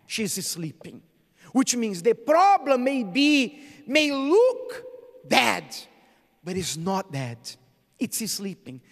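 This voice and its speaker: A man's voice: high voice, very animated, measured pace. A man preaching a sermon as a bishop, asking the congregation questions and answering them himself. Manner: preaching with call-and-response questions. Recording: church hall reverb.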